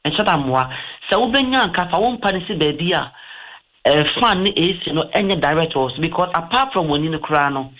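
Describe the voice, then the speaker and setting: Man, Ghanaian accent, eye doctor guest, patient explainer, slightly high voice, bright tone. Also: animated, brisk, poor audio. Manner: explanatory, mixes English terms into Twi. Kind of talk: health advice talk on radio or TV.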